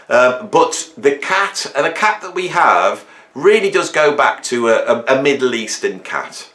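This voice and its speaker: A man's voice: mid-range voice, pushed and bright, echoey room. A man chatting casually to camera, rambling and playful, with jokey asides. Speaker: music video host.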